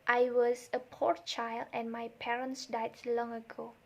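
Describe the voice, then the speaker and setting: A woman's voice: a little high, level tone, unhurried, gravelly, a little mellow. A young woman voicing a poor, hungry orphan boy who pleads and apologizes. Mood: pleading.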